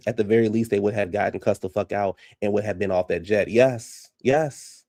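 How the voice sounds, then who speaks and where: A man's voice: lowish voice, moderate pace, dry recording, clean studio sound. Blunt, profane man doing a TV recap. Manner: profane, blunt and animated, laughs often. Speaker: reality TV reaction commentator. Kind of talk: casual reaction commentary.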